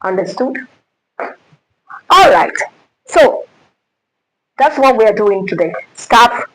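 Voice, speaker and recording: A woman's voice: a little high, expressive, slow pace, poor audio. A woman teaching a music lesson, speaking emphatically, repeating herself and quizzing her listeners.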